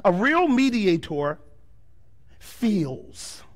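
With a high, sing-song voice, the pastor fires rhetorical questions at the congregation during his sermon. He alternates between booming declarations and passages that are quiet and slow.

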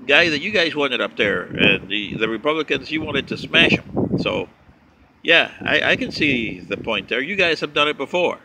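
A man's voice: medium pitch, animated, normal speed, gravelly, background noise. A man giving a sarcastic, mocking political commentary, reading and answering viewer letters.

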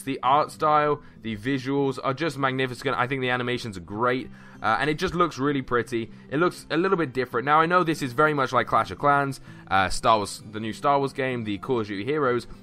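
A man's voice: mid-range voice, pushed and bright. A young man hosting a gaming channel, chatting casually and upbeat through gameplay commentary with frequent "uh"s.

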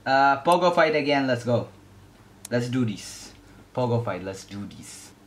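A young man giving casual gameplay commentary, excitable and yelping at the game. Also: medium pitch, unhurried, a little hiss or hum. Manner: excitable, yelps and shrieks at the game. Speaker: gaming YouTuber.

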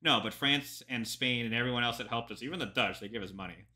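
A man's voice: medium pitch, fast, sharp tone. A young man, a historian, reacting to a history video in casual chatty commentary with lots of ums and joking asides.

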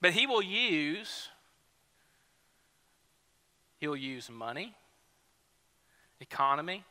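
A male pastor, preaching a sermon in a relaxed, conversational, storytelling way. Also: on the high side, very slow, long reverb tail. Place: church sanctuary.

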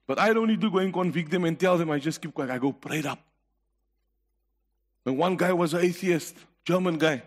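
A middle-aged South African man, preaching as a guest speaker, shares personal testimony in a sermon, telling stories with earnest conviction and laughing between points. His voice is on the high side and fairly quick, echoing in a large hall.

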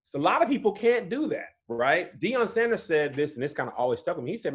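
Man, comedian guest, podcast chat, lively swooping pitch, slightly high voice. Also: fast. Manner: animated storytelling, often says "you know what I'm saying".

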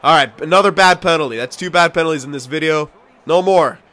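A young man giving live commentary on his own hockey video game play, excitable and swearing loudly at the computer players. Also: fairly high pitch, fast. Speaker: gameplay commentator.

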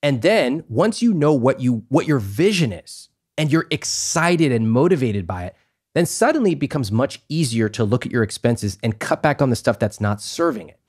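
A man in a podcast interview, talking emphatically and acting out little exchanges, his voice climbing high when he stresses a point. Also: big pitch swings, moderate pace, darkish tone, breathy edge. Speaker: guest, personal finance author.

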